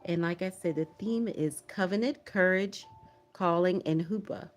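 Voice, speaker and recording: A woman's voice: lowish voice, normal speed, faint music behind. A woman hosting a livestream prayer watch, chatting casually, laughing often and reading viewer comments aloud.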